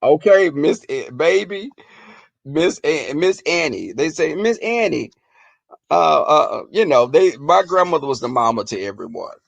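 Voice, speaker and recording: A man telling comic family stories on his vlog, animated and profane, often breaking into laughter. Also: on the high side, moderate pace, gravelly, no echo. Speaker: vlogger. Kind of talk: comic storytelling.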